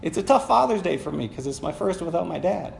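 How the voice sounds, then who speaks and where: A man's voice: sits high, expressive, fast, gravelly, a little mellow. A man preaching a sermon as a conversational personal story, with many fillers and laughing at himself. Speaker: pastor. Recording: echoey room with faint background noise.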